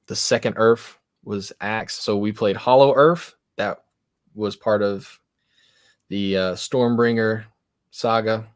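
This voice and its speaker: A man's voice: fairly low pitch, steady tone, takes it slowly, no room sound, studio quality. A man hosting a casual live-stream chat about tabletop games, rambling and self-deprecating. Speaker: podcast host and game master.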